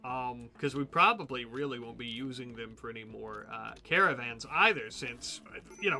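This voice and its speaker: A man hosting a let's play, giving casual, joking gameplay commentary and talking to the characters on screen. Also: fairly high pitch. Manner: animated, joking, talks to his characters.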